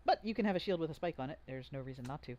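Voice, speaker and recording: Tabletop game master, chatty, joking, animated pitch, casual rules talk. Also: rapid-fire, highs cut off. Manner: chatty, joking, full of fillers and restarts.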